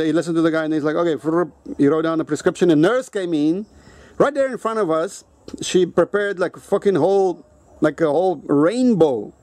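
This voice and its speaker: A man with a fairly high voice tells a personal story as a casual vlog rant. He is blunt and heated, swearing constantly. His delivery is loose and conversational, full of restarts. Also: a little mellow, no room sound. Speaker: vlogger.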